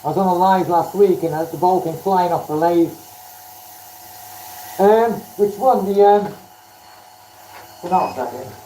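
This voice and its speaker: A man's voice: a little high, fairly quick, hardly any pauses, warm tone, a little hiss or hum. A man chatting casually on a live stream from his home workshop, self-deprecating and thanking viewers by name as he works. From Wales. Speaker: woodturning livestreamer. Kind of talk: casual live-stream chat while working. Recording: echoey workshop, mic at a distance.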